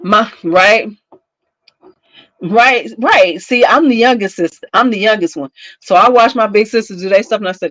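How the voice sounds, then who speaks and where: A woman's voice: medium pitch, normal speed, fairly bright tone, poor audio. A woman in her fifties hosting a casual livestream chat from home, telling stories with frequent laughs and talking back to her viewers. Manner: chatty storyteller, laughs often, talks back to viewers. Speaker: beauty channel host.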